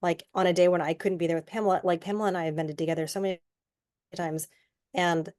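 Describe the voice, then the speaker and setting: A woman's voice: fairly low pitch, steady tone, fast, darkish tone, no echo, studio quality. A woman guest artist talking casually on an online panel, chatty and rambling, with lots of filler words.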